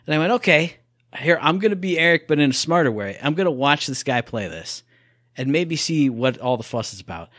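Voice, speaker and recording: A man co-hosting a gaming podcast, telling animated stories in casual chat and laughing along. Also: on the high side, a little fast, dry recording, clean studio sound. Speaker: podcast co-host.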